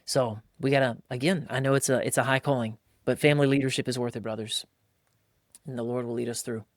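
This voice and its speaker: A man's voice: mid-range voice, quick pace, no echo, clean studio sound. A man in his thirties hosting a casual podcast chat, telling stories with lots of acted-out quotes and casual slang. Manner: animated storytelling, acting out quotes, frequent "like" and "bro". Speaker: podcast host.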